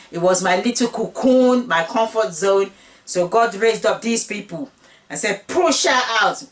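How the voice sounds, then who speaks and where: A woman's voice: fairly high pitch, fairly bright tone, far from the mic. Woman host teaching scripture, earnest and personal, slightly raised voice, a little off-mic. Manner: earnest, personal, repeats phrases. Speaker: Bible teacher, channel host. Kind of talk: casual Bible teaching monologue.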